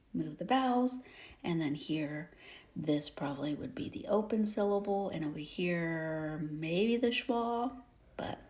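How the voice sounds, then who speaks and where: Woman, reading teacher, patient phonics walkthrough, slightly low voice, half-whispered at times. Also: a little mellow. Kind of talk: phonics lesson demonstration.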